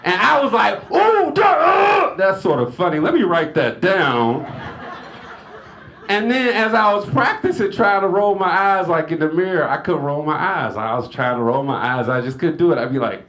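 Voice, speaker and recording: A man doing a stand-up comedy set at a lodge, telling family stories, acting out the people in them with shouts and laughing at his own jokes. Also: on the high side, brisk, few pauses. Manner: animated storytelling, acting out family members in shouted bits. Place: lodge hall before a live audience.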